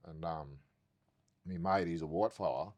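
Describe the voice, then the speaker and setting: A very low-voiced Australian man tells a story the way he'd tell it to a mate. He drifts and circles back as he goes, swearing in nearly every sentence, loose and animated. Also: measured pace. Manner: swears constantly, rambling and animated. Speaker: podcast guest. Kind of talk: casual storytelling.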